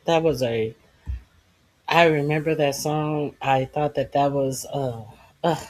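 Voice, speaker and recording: A man hosting his own channel, speaking haltingly to viewers with many pauses and uh's. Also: fairly high pitch, fairly even intonation. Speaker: channel host. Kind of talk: slow casual commentary to viewers.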